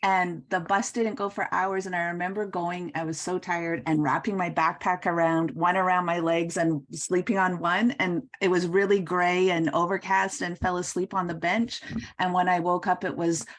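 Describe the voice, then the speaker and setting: A woman's voice: on the low side, little pitch movement, normal speed. A woman guest telling a casual, rambling anecdote that runs on from one clause to the next. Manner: rambling, run-on anecdote with many "and"s. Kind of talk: casual storytelling.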